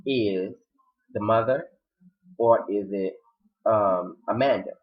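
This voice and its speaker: A man giving an animated recap of a TV episode, acting out the characters' lines with sudden high-pitched outbursts. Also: takes it slowly, dull audio. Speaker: TV episode reviewer.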